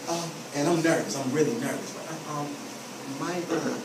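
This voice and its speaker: A man putting on a nervous, halting young man who keeps trailing off. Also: on the high side, echoey room, far from the mic, heavy background noise, pitched below the performer's own voice, lightly acted. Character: nervous mumbling young man, unsure of himself.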